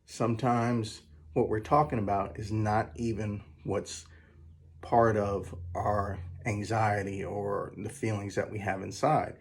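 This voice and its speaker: A man coaching viewers through numbered communication tips, slowing down to stress the key phrases. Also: on the low side, level tone, slightly rough. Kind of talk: motivational advice talk.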